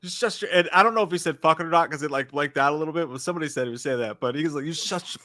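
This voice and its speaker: Bright-voiced laughing man. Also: fairly high pitch, rapid-fire. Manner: laughing, animated storytelling, swears freely. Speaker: podcast co-host. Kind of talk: casual profane chat.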